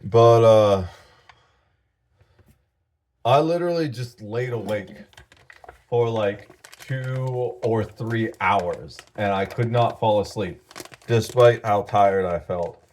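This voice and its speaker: A sleep-deprived man in a casual vlog, talking in a halting, rambling way and short of breath. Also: fairly low pitch, darkish tone, a little hiss or hum. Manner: rambling, halting, with fillers and laughs. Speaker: vlogger.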